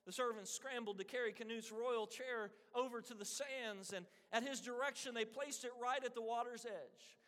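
A man's voice: very high-pitched, moderate pace, hardly any pauses, a bit bright. A man preaching a sermon, telling a story and acting out the voices of its characters. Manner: earnest preaching, acts out quoted voices. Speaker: pastor. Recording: long hall reverb.

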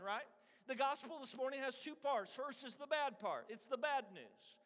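This is a pastor giving an earnest sermon, acting out character voices as he tells a story. He speaks in a very high-pitched, slightly bright voice, recorded with long hall reverb.

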